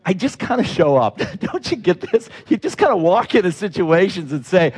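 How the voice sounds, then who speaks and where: Lively, animated male preacher. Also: fairly high pitch, brisk. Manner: animated, acts out quoted people, breaks into laughs. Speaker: pastor. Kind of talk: sermon storytelling.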